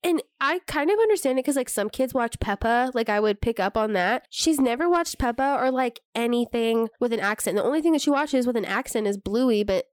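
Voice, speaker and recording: A woman's voice: a little high, expressive, a little fast, hardly any pauses, no room sound, clean studio sound. A young woman co-hosting a podcast, talking casually, laughing often and swearing now and then. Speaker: podcast co-host. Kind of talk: casual chat.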